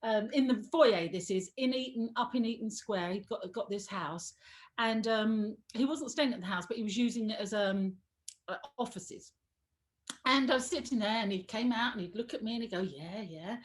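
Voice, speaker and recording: A woman on a sofa at home, telling a lively anecdote as an interview guest, laughing, trailing off and acting out the voices. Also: on the high side, moderate pace. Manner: excitable, laughing, trailing off and restarting. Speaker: guest telling career stories.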